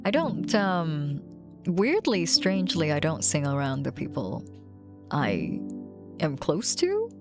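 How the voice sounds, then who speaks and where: A woman's voice: sits low, wildly swooping pitch, slow pace, over music. A young woman hosting a casual co-working stream, chatting with viewers and cooing over her cat. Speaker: streamer host. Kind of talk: casual chat with chat readers.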